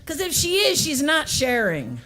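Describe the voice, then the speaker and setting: A woman's voice: high-pitched, huge pitch swings, normal speed, pushed and bright. A woman hosting an open mic at a coffee shop, teasing the crowd and joking between acts. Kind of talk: emceeing a live event.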